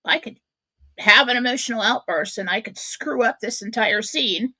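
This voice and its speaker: A woman's voice: on the high side, normal speed, bright, forceful tone, dry recording. A middle-aged woman hosting a radio show, telling a personal story in a candid, self-mocking way. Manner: candid, self-mocking, acts out her own thoughts.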